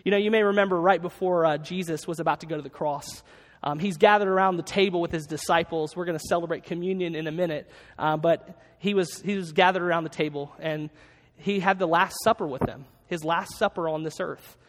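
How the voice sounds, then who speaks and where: A pastor preaching a sermon in a church, earnest and halting, with frequent restarts. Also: male voice, a little high, steady tone, in a large hall.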